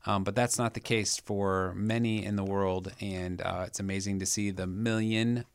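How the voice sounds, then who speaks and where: A man hosting a podcast interview, speaking in a measured, reflective way. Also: lowish voice, fairly even intonation, smooth, dry recording. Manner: measured, reflective, thanks the guest. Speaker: podcast host.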